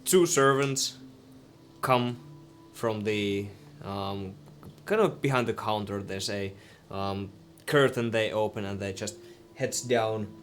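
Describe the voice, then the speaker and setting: A man narrating as game master of a tabletop game, halting with many fillers. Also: fairly low pitch. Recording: background music.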